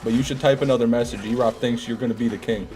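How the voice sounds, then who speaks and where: A man's voice: medium pitch, fairly even intonation, quick pace, warm tone. A man streaming a game and chatting casually with his viewers, joking and sarcastic as he reads their messages. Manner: joking, sarcastic banter with chat. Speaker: streamer reading chat. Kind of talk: casual live-stream commentary.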